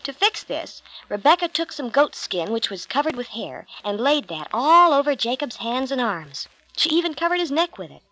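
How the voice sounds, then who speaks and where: A woman narrating a children's Bible storybook in an expressive, gentle read-aloud manner. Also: sits high, normal speed, few pauses, low-quality recording.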